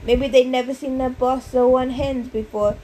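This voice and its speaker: A woman narrating a storybook in a steady, even manner. Her voice is slightly high and mellow, with faint background noise in the recording. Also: normal speed, low-quality recording. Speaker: audiobook narrator. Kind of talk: scripted narration.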